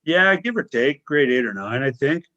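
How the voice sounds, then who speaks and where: A man guesting on a podcast, telling lively stories in casual chat. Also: mid-range voice, normal speed, no room sound, highs cut off. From Canada. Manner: animated storyteller, acts out shouts.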